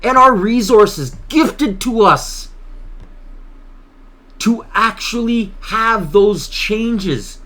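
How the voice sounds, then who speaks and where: A man from Canada, host of a political vlog, speaks very slowly in a high, bright, forceful voice that stays animated. Worked up and impassioned, he repeats himself in his agitation.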